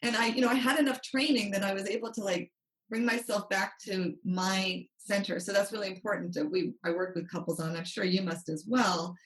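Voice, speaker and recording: A woman's voice: medium pitch, fairly even intonation, fairly quick. A woman money coach, a guest on a podcast, telling a story animatedly and acting out quotes. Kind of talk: interview storytelling. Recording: roomy, distant from mic.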